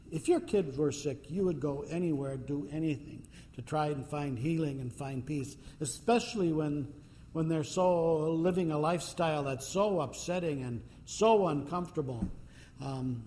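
A man's voice: a little high, mellow, long reverb tail, slight background noise. A man preaching a sermon, telling stories in a casual, conversational way with fillers.

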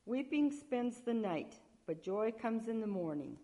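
A woman reading scripture aloud at a church service, measured, with small slips and restarts. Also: a little high, animated, mellow. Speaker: lector.

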